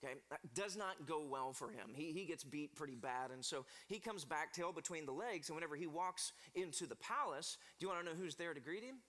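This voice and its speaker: Animated, bright-voiced preacher. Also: male voice, on the high side, brisk, few pauses. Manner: animated storytelling, calls on the congregation to repeat words. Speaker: pastor. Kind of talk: sermon. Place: church sanctuary.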